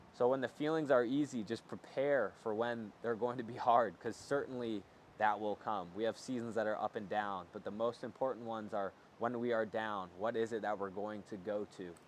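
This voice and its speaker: A man's voice: medium pitch, slight background noise. A man telling a personal faith story as a vlogger, earnest and loose, with lots of "like" fillers. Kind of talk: personal testimony to camera.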